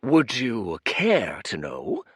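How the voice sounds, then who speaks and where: A man voicing an ancient, weary high priest who is pompous yet desperate, calling out in shrill, wheezing shouts. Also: sing-song, takes it slowly, breathy edge, no room sound, clean studio sound, full character voice. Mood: flustered.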